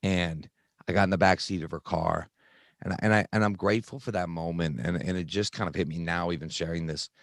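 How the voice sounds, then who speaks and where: A man earnestly telling a personal recovery story in conversation, halting, with many restarts and fillers. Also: deep voice, steady tone, vocal fry, no room sound, clean studio sound. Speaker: guest sharing recovery story.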